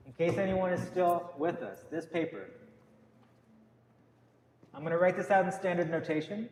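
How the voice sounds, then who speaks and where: A music teacher runs a guitar class, counting beats and calling out note letters for students to repeat together. His high-sitting voice has a darkish tone and lively intonation at normal speed, recorded in an echoey room with faint noise.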